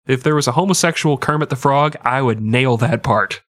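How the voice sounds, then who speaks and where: A man's voice: medium pitch, a little fast, a bit bright, no room sound. A man with a nasal voice co-hosting a podcast, telling history as crude, irreverent comedy. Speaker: podcast co-host. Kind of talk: comic history storytelling.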